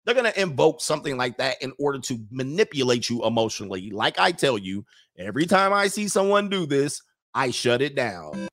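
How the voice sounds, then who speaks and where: A man's voice: medium pitch, very animated, fairly quick, a bit bright. Blunt, mocking man ranting casually. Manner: blunt, mocking, argumentative, slangy. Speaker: commentary host reading viewer comments. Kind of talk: opinionated reaction commentary.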